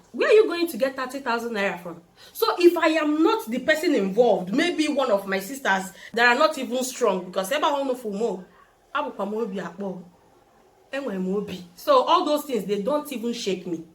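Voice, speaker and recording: Animated young Nigerian woman telling a story. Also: fairly high pitch, normal speed. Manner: animated, acts out quoted voices. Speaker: vlogger. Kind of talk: storytime vlog.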